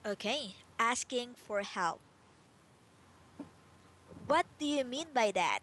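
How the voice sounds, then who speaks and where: A woman's voice: on the high side, lively intonation, slow pace, fairly bright tone, a little hiss or hum. A woman tutoring English one-on-one over a video call, patiently explaining phrases with many fillers.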